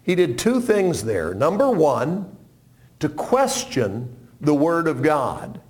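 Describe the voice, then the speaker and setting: A man preaching a sermon, animated and humorous, acting out quotes as he tells stories. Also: on the high side, takes it slowly.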